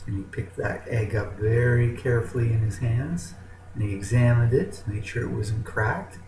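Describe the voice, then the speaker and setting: A man telling a fable with a moral as a motivational storyteller, slow and dramatic, with big swings in emphasis. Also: medium pitch, reverberant, background noise.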